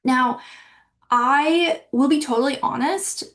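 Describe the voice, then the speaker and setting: A woman's voice: high-pitched, slow pace, a bit bright. A woman in her early thirties hosting her own podcast, talking candidly and chattily with many fillers as she reflects on her life. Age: 30s. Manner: candid and chatty, many likes and you-knows. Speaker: podcast host. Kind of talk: personal reflective monologue.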